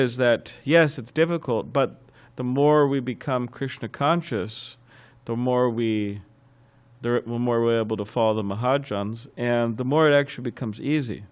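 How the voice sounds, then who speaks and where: A man giving a scriptural class as a sermon, telling anecdotes in a lively way, chuckling and often restarting phrases. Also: mid-range voice, normal speed. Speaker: temple class speaker. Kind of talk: sermon with storytelling.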